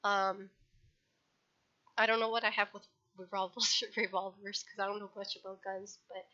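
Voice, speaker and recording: Bright-voiced woman chatting on a stream. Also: mid-range voice, level tone, normal speed. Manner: rambling, self-correcting, laughs at herself. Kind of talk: casual livestream chat. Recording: dull lo-fi stream audio.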